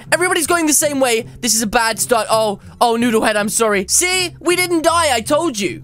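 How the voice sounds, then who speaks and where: A woman giving excitable, goofy gameplay commentary as a video creator, mock-bragging and letting out frequent yelps. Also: sits high. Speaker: gaming YouTuber.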